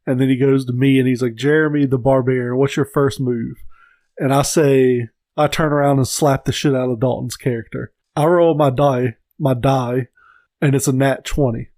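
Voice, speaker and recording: A man's voice: mid-range voice, little pitch movement, normal speed, darkish tone, no echo. Easygoing podcast co-host, a man. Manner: easygoing, asks playful hypotheticals. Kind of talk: casual chat.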